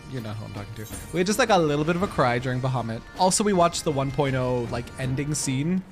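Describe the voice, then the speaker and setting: A man's voice: mid-range voice, darkish tone. A man live-streaming a game, chatting to his viewers in a giggly, rambling way. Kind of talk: casual live-stream chat while gaming.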